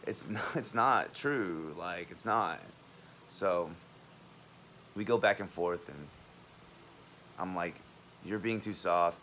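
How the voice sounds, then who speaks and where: A man's voice: deep voice, takes it slowly, long pauses, pushed and bright, slight background noise. A man in his twenties, a college student, talking straight to camera in a heated, rambling, profane monologue. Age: 20s.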